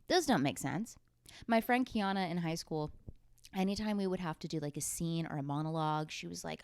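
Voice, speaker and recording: A woman's voice: lowish voice, brisk, smooth, no room sound. A young adult woman hosting her podcast from a beanbag at home, casual, playful and self-mocking, swearing freely. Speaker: podcast host. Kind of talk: casual chat.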